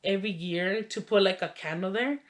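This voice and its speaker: A young woman tells a childhood story to her vlog camera in a loose, chatty way. Her voice sits at an ordinary middle pitch. She leans heavily on fillers like "like" and "you know" as she goes. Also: normal speed. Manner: laughs while telling the story. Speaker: vlogger. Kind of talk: casual storytelling.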